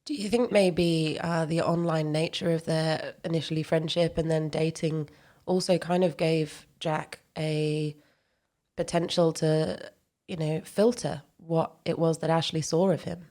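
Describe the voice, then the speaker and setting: A woman with a British accent interviewing a guest, asking her questions gently and carefully. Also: low-pitched, steady tone, measured pace.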